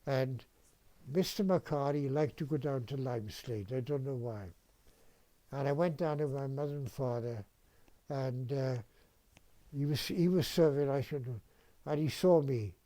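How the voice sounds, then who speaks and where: A man, reminiscing in a rambling, halting way with frequent restarts and throat clearing. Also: medium pitch, dark tone. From Wales. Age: 90s. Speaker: interviewee, retired dentist. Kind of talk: reminiscing storytelling.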